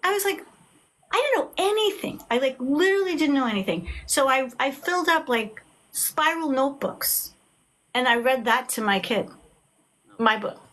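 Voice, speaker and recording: A middle-aged woman, talking as an author guest in a casual video chat. She tells her stories with lively acted-out quotes. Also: high-pitched, moderate pace. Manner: animated storyteller, acts out quotes.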